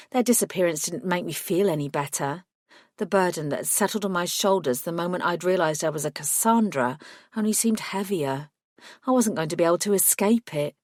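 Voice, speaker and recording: Woman, audiobook narrator, lowish voice, wry, measured, first-person, close studio mic. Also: no echo.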